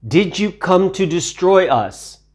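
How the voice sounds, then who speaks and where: A man voicing a male unclean spirit from scripture, with raised, drawn-out cries. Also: high voice, animated, darkish tone, voice pushed up. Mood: alarmed.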